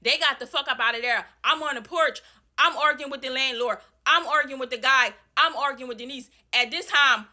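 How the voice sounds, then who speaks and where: A woman's voice: high voice, fairly quick. A young woman telling a heated, profanity-filled storytime about a dispute, in casual vlog style. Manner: heated, profane, animated retelling.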